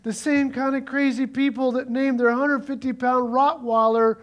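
A man doing a slow, knowing parrot. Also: extremely high pitch, level tone, dull audio, a little hiss or hum. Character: talking parrot, small, calm and knowing.

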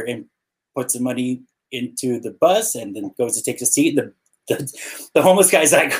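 A man's voice: mid-range voice, moderate pace. A man co-hosting a casual podcast, telling a long joke and acting out the characters' lines. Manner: animated, acts out characters in his jokes. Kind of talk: casual storytelling.

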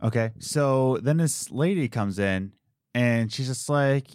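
Man, podcast host, casual storytelling, lively up-and-down delivery, dry close mic. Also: medium pitch, takes it slowly, clean tone, dry recording. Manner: animated, acts out quoted voices.

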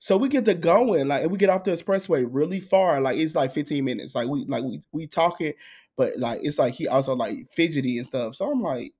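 A young man hosting a podcast, telling a story in an animated, profane way with frequent laughter. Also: a little high, brisk, slightly rough. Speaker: podcast host. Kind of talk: casual chat storytelling.

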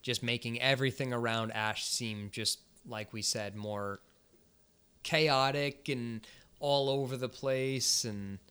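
Male podcast co-host, resonant mid-pitch voice, measured and analytical. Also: fairly even intonation, a bit bright, smooth. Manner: thoughtful, analytical, searches for words. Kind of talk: casual movie review chat.

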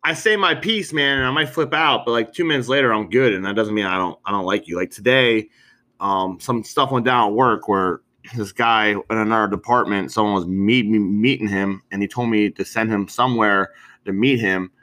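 Bright-voiced laid-back podcast guy. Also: on the low side, moderate pace. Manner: laid-back, laughs often, says "bro" and "dude" a lot. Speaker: podcast co-host. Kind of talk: casual chat.

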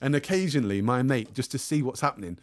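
A man, a podcast guest telling a lively anecdote and acting out the people in it. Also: medium pitch, quick pace, no echo, clean studio sound. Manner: animated anecdote teller, acts out quotes. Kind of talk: casual storytelling chat. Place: bar set for a podcast.

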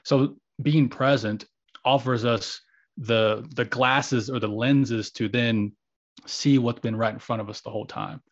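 A man's voice: medium pitch, fairly even intonation, measured pace. Man, earnest, reflective, restarts often, dull lo-fi sound. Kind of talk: reflective conversation. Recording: slightly dull lo-fi audio.

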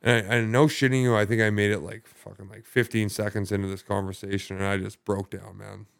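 A man's voice: lowish voice, flat delivery, a little fast, vocal fry. A young man, a podcast guest, telling his recovery story in casual talk, rambling with many fillers and heavy swearing.

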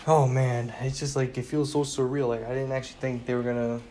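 A man's voice: mid-range voice, little pitch movement, brisk, warm tone, a little hiss or hum. A man talking alone in a casual sports rant, rambling, repeating "you know" a lot and swearing when he gets worked up. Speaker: sports fan podcaster.

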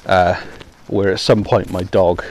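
A man from Wales hosts his own podcast in a low, slightly mellow voice, delivered flat and unhurried. He rambles casually, self-deprecating and full of ums, while walking in heavy rain on a hands-free phone headset.

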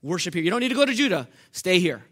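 A man's voice: high-pitched, very animated, quick pace, fairly bright tone, heavily acted. A man voicing an ancient king scheming to keep his people, in a plain persuasive tone.

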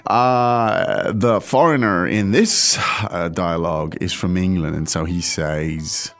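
A man's voice: sits low, slow pace, soft background music. A man hosting an audio language lesson, explaining phrases word by word in a playful way. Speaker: language teacher host. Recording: audio-only studio recording.

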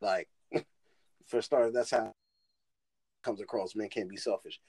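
A man's voice: on the low side, fairly even intonation, normal speed, a little mellow, husky, no room sound. A man co-hosting a casual podcast chat, teasing and laughing a lot. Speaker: podcast co-host.

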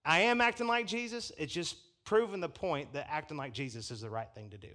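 A man preaching a sermon from the pulpit, animated and chuckling as he acts out the people he quotes. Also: on the high side, brisk. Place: church pulpit.

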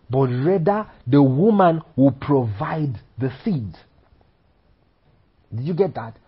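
A male preacher delivers a sermon in a husky voice. He leans on rhetorical questions and keeps checking in with his listeners. The recording sounds dull and lo-fi. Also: on the high side. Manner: rhetorical questions, frequent "Okay?" check-ins.

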